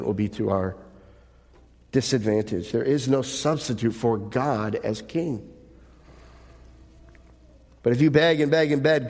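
Preaching in earnest, a male pastor reads from scripture and asks the congregation rhetorical questions in a medium-pitched, darkish voice. A long reverb from the hall trails after him.

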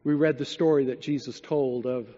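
A man preaching a sermon, telling a story and dropping low and quiet when he quotes others. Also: fairly even intonation, moderate pace. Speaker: pastor. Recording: dull sound in a reverberant hall.

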